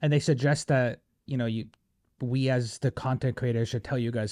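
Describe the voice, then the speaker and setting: A man's voice: mid-range voice, fairly even intonation, brisk, mellow, no echo, clean studio sound. A man hosting a casual podcast, rambling and joking with lots of fillers. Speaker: podcast host.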